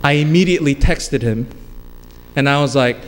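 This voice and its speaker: With faint background noise and the long reverb of a hall around him, a pastor with a slightly high voice preaches at normal speed. He's emphatic and repeats himself, sometimes wandering into casual stories.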